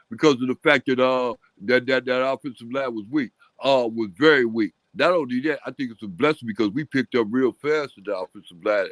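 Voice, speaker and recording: A man talking casually about college football on a video call, animated and slangy, repeating himself for emphasis. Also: mid-range voice, no echo. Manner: animated, repeats "I'm telling you", street slang. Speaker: show panelist. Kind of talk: casual sports chat.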